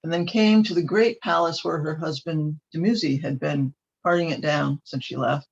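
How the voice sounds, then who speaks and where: Guy telling an old myth at a ceremony, lots of ums and restarts, slightly high voice, muffled audio. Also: normal speed, creaky, slightly rough. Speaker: storyteller. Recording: dull lo-fi recording.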